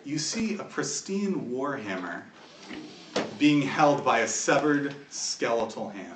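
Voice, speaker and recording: A man's voice: mid-range voice, lively intonation, takes it slowly, background noise. Man narrating a tabletop game, roomy. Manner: loose, chatty narration with many fillers and laughs. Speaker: game master. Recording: echoey room from far off mic.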